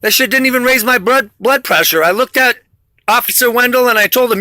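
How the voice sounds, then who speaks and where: Intense high-voiced man, rambling monologue. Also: fairly quick, sharp tone. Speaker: vlogger.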